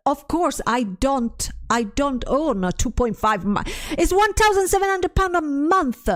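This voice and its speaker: A woman's voice: sits high, expressive, unhurried, hardly any pauses. A stressed woman streamer in casual livestream chat, ranting, swearing often and restarting her sentences as she reads chat aloud.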